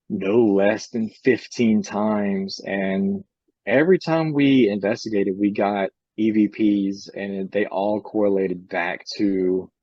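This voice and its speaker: Man, thirties, podcast co-host; low voice, dull dry recording, chatty storyteller. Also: dry recording. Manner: retells conversations, many fillers and restarts. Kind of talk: casual storytelling.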